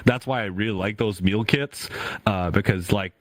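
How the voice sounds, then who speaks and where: A man's voice: fairly low pitch, moderate pace, no room sound. A man co-hosting a casual podcast chat who tells stories with lots of laughter. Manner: laughing, animated storyteller. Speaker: podcast co-host.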